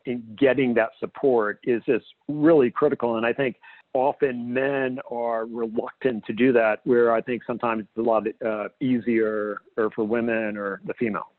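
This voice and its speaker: A man's voice: mid-range voice, flat delivery, normal speed, no room sound. A man speaking earnestly in a casual podcast roundtable, often hedging with "you know". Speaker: roundtable panelist. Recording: dry phone-like line.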